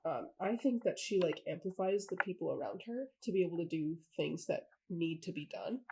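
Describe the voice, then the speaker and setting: A woman's voice: lowish voice, expressive, brisk, background noise. A woman co-hosting a casual book discussion, chatting and spinning theories with lots of "like" fillers. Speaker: book podcast co-host.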